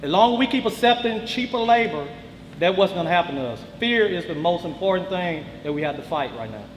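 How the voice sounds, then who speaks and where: A high-voiced man speaks earnestly and urgently to a meeting. His voice echoes through a large hall over faint background noise. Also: expressive, brisk. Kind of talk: speech at a meeting.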